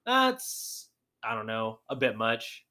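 A young man co-hosting a podcast in casual chat, excitable and swearing freely, his talk packed with "like.". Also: medium pitch, slow. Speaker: podcast co-host.

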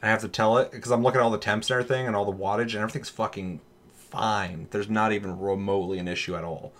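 Low-voiced man in animated, profane chat. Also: fast. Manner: animated, swears a lot, acts out voices in his stories. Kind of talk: casual chat.

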